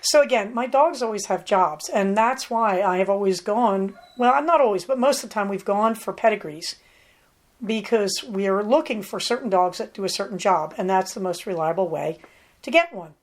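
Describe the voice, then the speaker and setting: A woman's voice: mid-range voice, moderate pace. Chatty woman telling a rambling story. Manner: chatty, rambling, with asides to her dog. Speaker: podcast host. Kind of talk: casual storytelling monologue. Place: at home on a ranch.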